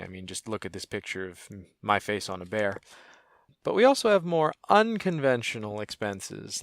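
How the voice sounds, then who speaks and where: A man making a wry, self-mocking crowdfunding pitch, speaking in a deadpan way about his comedy business. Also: gravelly, dry recording, studio quality. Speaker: comedian and small business owner.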